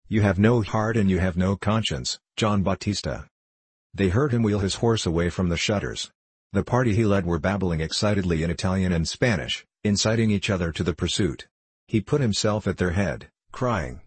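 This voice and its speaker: A man reading a classic novel aloud as an audiobook narrator, in a measured, steady way. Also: deep voice, breathy edge, no echo.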